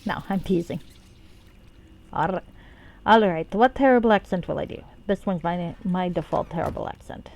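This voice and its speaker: A woman's voice: lowish voice, moderate pace, long pauses, darkish tone. A woman streaming a game, chatting casually and rambling, swearing freely and joking about herself. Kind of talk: casual live-stream commentary.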